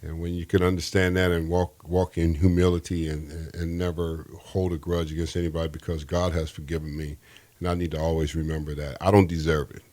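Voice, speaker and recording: A man's voice: low-pitched, little pitch movement, a little fast, few pauses, darkish tone. A man as an interview guest, telling an earnest, rambling faith testimony and often restarting his sentences.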